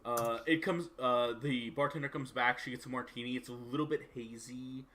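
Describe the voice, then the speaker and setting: A man narrates a tabletop role-playing game and rules on the dice, feeling his way through descriptions in a relaxed manner. His voice has a middling pitch, and a faint hiss of noise sits behind it. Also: moderate pace. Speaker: game master.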